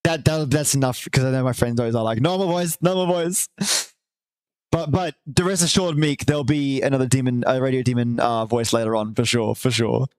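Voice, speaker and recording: A man hosting a live stream, chatting casually and warmly with viewers and reading aloud, with the odd swear. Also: medium pitch, steady tone, fast talker, few pauses, no echo. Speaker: livestream host.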